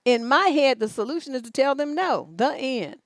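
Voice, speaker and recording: A woman's voice: high-pitched, lively intonation, moderate pace, no room sound. A woman relationship coach on a livestream advice show, reading out letters and answering in a blunt, profane, scolding way.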